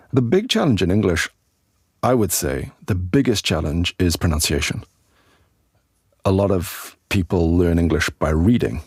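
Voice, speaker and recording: Deep husky man explaining English. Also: no room sound, clean studio sound. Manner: relaxed, chatty explaining with asides to the listener. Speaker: English teacher and podcast host. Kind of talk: conversational podcast lesson.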